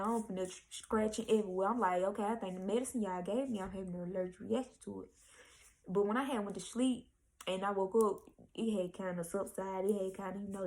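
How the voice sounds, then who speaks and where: A woman's voice: mid-range voice, low-quality recording. A young woman, telling a candid, chatty storytime vlog with fillers and restarts. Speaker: vlogger. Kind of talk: casual storytime.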